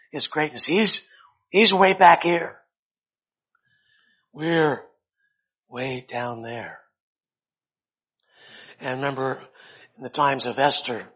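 Bright, husky-voiced male preacher. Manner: rises loud and high on quotes of scripture. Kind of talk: sermon. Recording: dull lo-fi sound.

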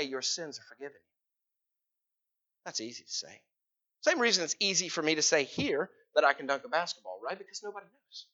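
A man's voice: a little high, sharp tone, muffled recording. A man preaching a sermon in a conversational way, teasing the congregation with questions. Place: church hall.

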